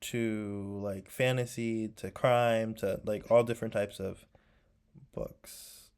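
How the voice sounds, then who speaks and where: A young man with a low, gravelly voice talks casually while painting. He rambles and reminisces, scattering fillers. His throat is sore. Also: steady tone, takes it slowly, darkish tone. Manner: rambling and nostalgic, full of "like" and "um". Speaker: vlogger.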